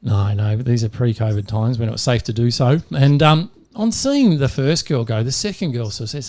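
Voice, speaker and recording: An Australian man co-hosting a podcast, telling jokes in a relaxed chatty way and breaking into laughter as he goes. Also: mid-range voice, a little fast, hardly any pauses. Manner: animated storyteller who laughs mid-joke. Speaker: podcast co-host. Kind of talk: casual joke-telling chat.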